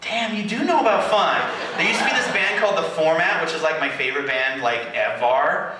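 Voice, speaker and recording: A man from California joking with an audience in a live question-and-answer set, animated and teasing. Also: fairly high pitch, fairly quick. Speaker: slam poet performer. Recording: echoey venue from far off, noisy.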